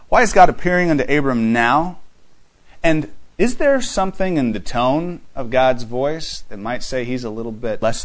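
A man's voice: mid-range voice, rough recording. A man teaching a conversational Bible study, reading scripture aloud and asking his listeners rhetorical questions. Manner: asks rhetorical questions and restarts often; reads scripture aloud in archaic wording.

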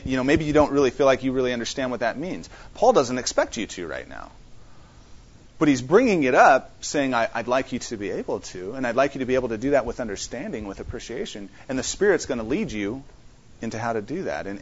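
A man teaching an interactive Bible study, repeating his main points, checking in with his listeners and often restarting his sentences. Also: mid-range voice. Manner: halting, with frequent restarts. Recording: dull lo-fi recording.

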